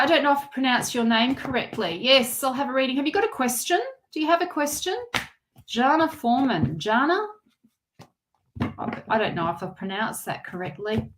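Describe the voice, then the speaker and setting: Reassuring tarot reader woman, higher voice. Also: expressive, normal speed, a bit bright, slight background noise. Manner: reassuring, repeats phrases, frequent restarts. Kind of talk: live-streamed tarot readings for viewers.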